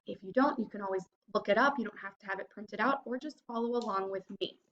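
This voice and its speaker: Woman teacher slowly sounding out phonics. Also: medium pitch, a bit bright, lo-fi sound, slight background noise. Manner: slow, clear sounding out of word parts. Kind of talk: phonics lesson for young children. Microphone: computer microphone.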